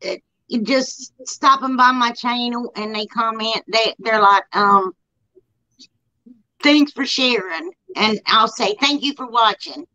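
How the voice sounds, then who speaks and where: A woman's voice: fairly high pitch, slow pace, pushed and bright. Heartfelt woman on a muffled call. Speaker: guest YouTuber. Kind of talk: emotional casual chat.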